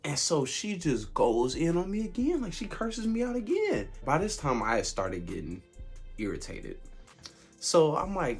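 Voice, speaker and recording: A young man telling a casual, animated storytime on his vlog, full of filler words and laughter. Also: a little high, moderate pace, faint music behind. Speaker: vlogger.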